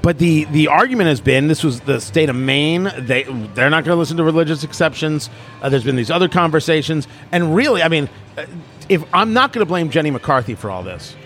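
A man hosting a podcast in casual chat, animated and opinionated, often restarting his sentences. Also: on the high side, brisk. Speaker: podcast host.

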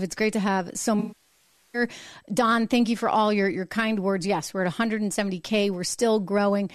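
A woman hosting a live-streamed political show, talking emphatically and indignantly, repeating her points and jumping higher in pitch when worked up. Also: no room sound, studio quality. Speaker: political talk show host.

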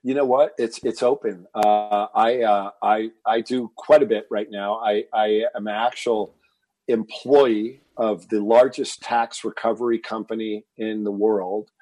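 A man in his fifties from Texas, telling a personal story as a guest in an interview, animated and getting louder as he relives the moment. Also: fairly low pitch, measured pace, dry recording, low-quality recording. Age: 50s. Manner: animated storyteller, rises to shouting when reliving anger. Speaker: fitness entrepreneur guest.

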